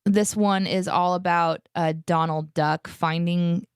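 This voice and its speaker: A woman's voice: on the low side, slow, smooth, no room sound, clean studio sound. A woman in her thirties co-hosting a live morning show, telling a story in casual, upbeat chat. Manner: chatty storytelling, upbeat, animated.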